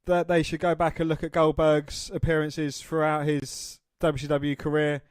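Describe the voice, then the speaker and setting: A man's voice: fairly high pitch, monotone, normal speed, clean tone, no room sound. A man co-hosting a casual podcast, eagerly giving opinions and reading news. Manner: eager, opinionated, says mate. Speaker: podcast co-host.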